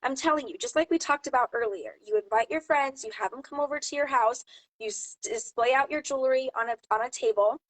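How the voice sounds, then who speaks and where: A mom talking casually to camera, giving business tips and acting out lively quoted exchanges. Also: female voice, high-pitched, a little fast, poor audio. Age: adult mom. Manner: chatty, animated storyteller acting out quotes. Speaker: jewelry seller and channel host. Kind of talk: casual advice talk to camera.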